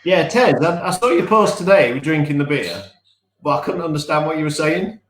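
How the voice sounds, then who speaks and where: A man's voice: fairly high pitch, lively intonation, brisk, a bit bright, reverberant. A man co-hosting a casual live-stream podcast from home, chatty and rambling, often laughing at himself. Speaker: podcast co-host.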